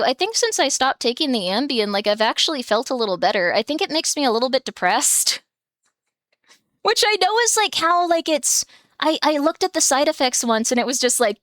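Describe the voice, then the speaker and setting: Her voice sits high and a bit bright as this streamer hosts a casual live chat from home, her cats in the room. She rambles with lots of fillers and breaks into small laughs, captured in studio quality with no echo.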